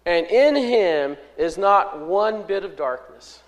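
A man preaching an expository sermon as pastor, measured and emphatic, stressing and repeating key words. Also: sits high, sing-song, poor audio.

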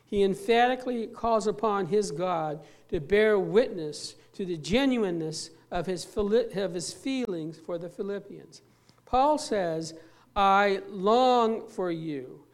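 Pastor preaching, earnest and emphatic, mid pitch, drags out key words, repeats bits. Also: lively intonation, unhurried, a little mellow. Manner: repeats and restarts phrases while preaching. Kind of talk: sermon.

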